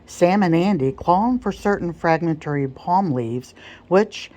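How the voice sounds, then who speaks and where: A woman with a low voice reads aloud in a soft-spoken ASMR audiobook style. She keeps a calm, measured and unhurried pace. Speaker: audiobook narrator.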